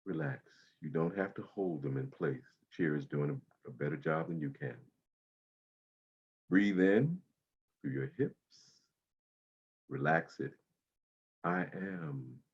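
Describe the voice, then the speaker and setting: Man, guided meditation, low voice, slow and soothing, long pauses. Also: expressive, breathy edge, dull audio.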